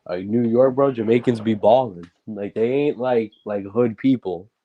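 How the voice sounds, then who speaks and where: A man's voice: on the low side, moderate pace, phone-quality sound. A man with an East Coast US accent chatting casually on a podcast, slangy and laid-back.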